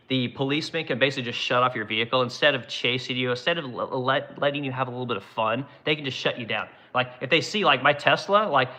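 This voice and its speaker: Male host, casual profane commentary, mid pitch, bright and punchy delivery. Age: adult, runs business ten years. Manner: blunt, ranting, heavy swearing. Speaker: show host reading viewer comments.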